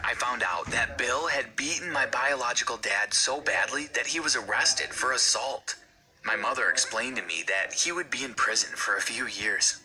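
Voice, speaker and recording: A man reading a scripted first-person story in an earnest, steady way for an animated video. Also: lowish voice, rough recording. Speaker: narrator. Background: background music.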